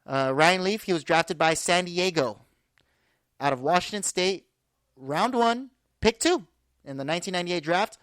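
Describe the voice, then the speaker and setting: A woman's voice: lowish voice, lively intonation, normal speed, dry recording. A woman in her twenties hosting a sports podcast, talking casually and rambling with fillers. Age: 20s. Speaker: podcast host.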